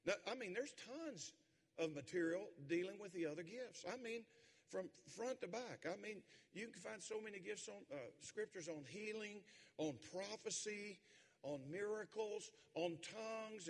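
A man preaching a sermon as pastor, swinging from quiet talk to loud, emphatic preaching in a church sanctuary. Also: sits high. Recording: long hall reverb.

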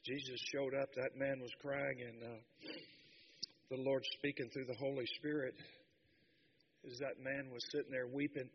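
A man preaching a sermon with passion, dropping to a hush and then building to shouts. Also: mid-range voice, flat delivery, normal speed, pauses often, breathy edge, dull audio. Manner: impassioned, swinging from hushed to shouting.

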